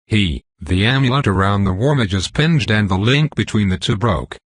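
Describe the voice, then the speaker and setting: A man narrating a dark fantasy web novel in a steady, measured storytelling voice. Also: lowish voice, dry recording, studio quality. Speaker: audiobook narrator.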